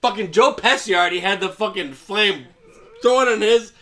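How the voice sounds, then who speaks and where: A man hosting a comedy show, retelling a holiday movie in a rowdy, profane way and breaking into shouted character voices. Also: high voice, moderate pace. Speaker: comedy podcast host.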